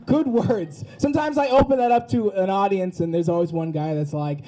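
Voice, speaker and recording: Young boston guy doing standup, kinda high voice, soft mellow tone, chatty and swears a lot. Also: a little fast. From Massachusetts. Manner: loose, chatty crowd work with swearing and frequent laughs. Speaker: stand-up comedian. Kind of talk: stand-up comedy set. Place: studio stage before a live audience.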